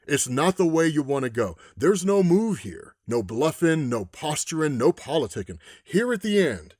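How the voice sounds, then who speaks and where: A man voicing Death, a calm, menacing gunslinger in white who speaks slowly and low. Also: no room sound, clean studio sound. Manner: slow, low and threatening.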